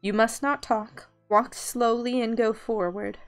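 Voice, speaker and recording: A woman voicing a stern, calm man who gives firm instructions in a game reading. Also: fairly high pitch, unhurried, soft background music. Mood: instructing.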